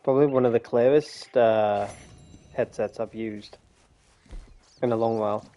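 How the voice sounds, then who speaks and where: A man's voice: mid-range voice, fairly even intonation, measured pace, warm tone, highs cut off. Chatty young man streaming a game. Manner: rambling, chatty, laughs often, swears. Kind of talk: casual gameplay commentary. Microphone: gaming headset.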